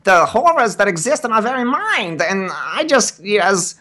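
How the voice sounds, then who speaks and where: A thin, reedy, high-pitched voice of a pompous gothic author. He declaims slowly and grandly, stretching his words with lofty solemnity. It is pitched far above a normal man's speaking voice. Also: sing-song, bright, forceful tone, heavily acted. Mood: grandiose. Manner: overwrought, drawn-out declamation.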